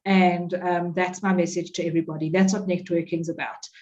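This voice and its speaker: A woman's voice: on the low side, level tone, brisk, a little mellow, slight background noise. A woman accountant sharing a heartfelt message in a casual online chat. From South Africa. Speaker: accountant and guest. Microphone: video call. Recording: dull lo-fi sound.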